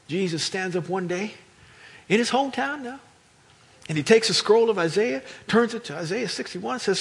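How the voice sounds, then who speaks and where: A man preaching a sermon to a congregation, moving between quiet explanation and loud, emphatic delivery. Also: high voice, lively intonation, normal speed, vocal fry. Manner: dynamic, swings from quiet to loud, acts out crowd voices.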